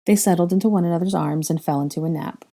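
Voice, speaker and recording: A woman reads a story aloud in a measured, even narration. Her voice is low and mellow. She drops in wry asides as she goes. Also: gravelly. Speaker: fan fiction reader. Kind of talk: audiobook narration.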